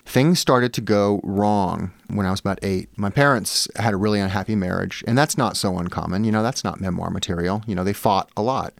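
Gravelly-voiced man telling wry stories. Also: fairly low pitch, brisk, few pauses, dry recording. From Massachusetts, US. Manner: candid, wry, lots of "you know" fillers. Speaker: memoir author, guest. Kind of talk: personal storytelling in an interview.

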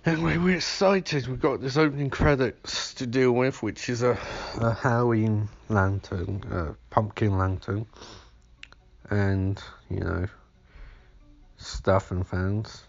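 Rambling, sarcastic podcaster. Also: male voice, fairly low pitch, steady tone, slow pace, creaky, lo-fi sound. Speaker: podcast host. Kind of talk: comic film recap. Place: hotel room, in bed.

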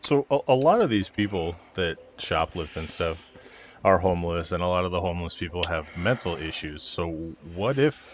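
Man, very deep voice, lively swinging pitch, wry joking co-host, casual podcast chat. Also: normal speed, slight background noise. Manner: joking, wry asides, brings up news topics.

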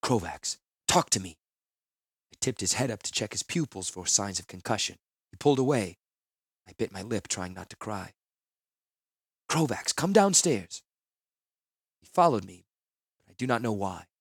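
A man narrating a fantasy audiobook in a solemn, measured manner. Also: lowish voice, vocal fry, no room sound.

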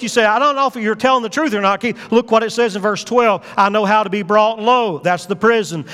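Fervent preacher guy, high smooth voice, big echoey church sound. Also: sharp tone. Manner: fervent, preaching with rising emphasis. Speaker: pastor. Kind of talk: sermon. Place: church sanctuary.

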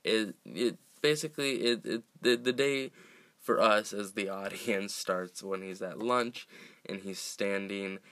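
Slow, low-voiced man recapping. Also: fairly bright tone, no echo. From United States. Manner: rambling, laughs often, frequent restarts and fillers. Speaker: podcast host recapping a film. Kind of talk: casual film recap.

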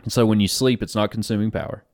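A man's voice: lowish voice, fairly even intonation, quick pace, darkish tone. A young man in a casual podcast chat, loose and joking, laughing at his own lines. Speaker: podcast co-host.

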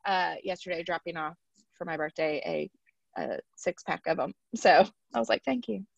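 A woman's voice: on the low side, moderate pace, creaky, no echo, lo-fi sound. A woman hosting a podcast, chatting in a rambling, easygoing way and laughing easily. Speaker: podcast host. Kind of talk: casual chat.

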